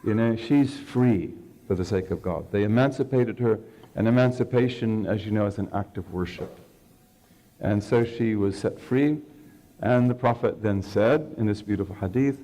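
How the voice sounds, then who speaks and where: A man's voice: fairly low pitch, normal speed, dark tone, rough recording. A man giving a religious lecture, telling a story, acting out the quoted lines and asking his listeners questions. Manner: storyteller who acts out quotes and asks the audience questions. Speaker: Islamic scholar lecturing.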